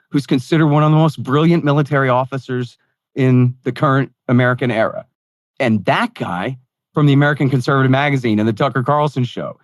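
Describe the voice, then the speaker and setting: A man's voice: medium pitch, no room sound. Emphatic opinionated man, dry sound. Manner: emphatic, fast-flowing, opinionated. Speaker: guest. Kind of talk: casual interview talk.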